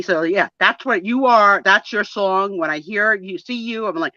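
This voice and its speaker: A woman from the New Jersey and New York area, chatting in a rambling, animated way while co-hosting a live photo sale. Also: mid-range voice, normal speed, few pauses, no echo, muffled recording. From northeastern US, New Jersey and New York area. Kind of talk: casual live-stream chat.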